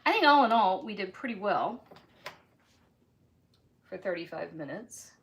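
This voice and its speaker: This home cook hosts a live stream from her kitchen, talking folksily and chattily while she cooks and samples what she's making. She has a medium-pitched voice, very animated, and speaks a little slowly.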